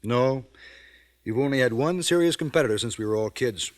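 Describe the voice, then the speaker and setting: A man's voice: mid-range voice, expressive, fairly quick, natural voice. A man playing a dryly teasing, firm father. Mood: fond. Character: stern, teasing middle-aged father. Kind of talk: 1950s radio drama acting.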